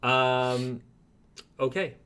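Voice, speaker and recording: A man's voice: medium pitch, little pitch movement, extremely slow, bright, forceful tone, clean tone. A man from Canada with a Toronto accent, co-hosting a live stream, casually chatting and reading viewer comments with lots of fillers and restarts. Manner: rambling with many fillers and restarts. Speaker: co-host of a brand live stream.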